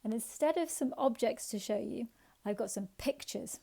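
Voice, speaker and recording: A woman teaching a phonics lesson to young children, slow and sing-song, encouraging, sounding out letters and asking questions. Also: fairly high pitch, gravelly, warm tone.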